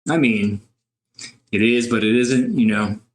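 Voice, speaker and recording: A man's voice: mid-range voice, measured pace. Easygoing guy from louisiana on a podcast, medium voice, rambles and swears. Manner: relaxed, rambling, heavy on fillers. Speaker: podcast guest. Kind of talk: casual chat.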